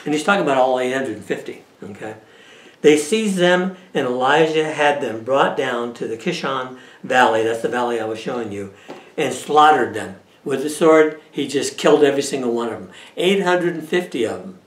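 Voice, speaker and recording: A man's voice: mid-range voice, expressive, moderate pace. A man teaching a Bible study lesson in a conversational way, often checking in with his listeners. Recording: echoey room.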